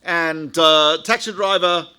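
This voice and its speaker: A man's voice: on the high side, slow, sharp tone, clean tone. A male rabbi giving a lecture, telling anecdotes in a chatty way with frequent asides to the audience. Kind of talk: storytelling lecture.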